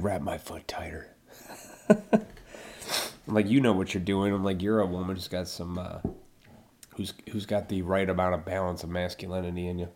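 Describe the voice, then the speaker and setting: A low-pitched middle-aged man holds forth in a loose, casual monologue to his viewers. He is blunt and opinionated, swearing freely and circling back to make his point again. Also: a little mellow. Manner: blunt, profane, opinionated ranting. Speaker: vlogger.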